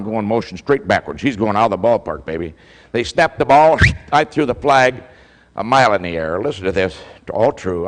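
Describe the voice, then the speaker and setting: An older man giving a keynote talk to an audience, telling stories animatedly and acting out quoted exchanges. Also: fairly low pitch. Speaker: motivational speaker. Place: large hall before a live audience. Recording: speech with long hall reverb.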